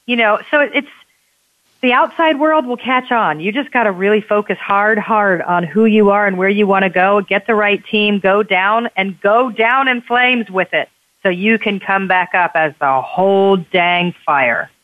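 A woman guest, a bodyworker and author, telling personal stories in a candid, expressive and emphatic way. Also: medium pitch, moderate pace, no room sound. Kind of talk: candid conversational storytelling. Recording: tinny phone line.

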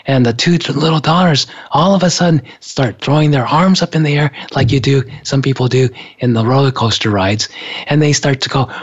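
A man telling a story in a relaxed, casual way, laughing often between thoughts. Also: mid-range voice, slightly rough. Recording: dull lo-fi sound.

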